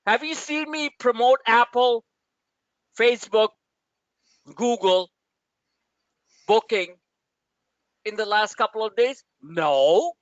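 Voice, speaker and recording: A man hosting a livestream of market commentary, rambling and joking in an animated way. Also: sits high, takes it slowly, pauses often, dry recording, lo-fi sound. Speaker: trading channel host.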